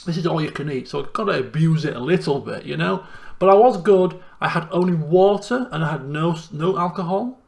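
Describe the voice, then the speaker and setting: A chatty young man talks through his week in a casual diary vlog, lively and self-deprecating. His voice sits a touch high and carries a gravelly edge. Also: a little fast. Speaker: vlogger.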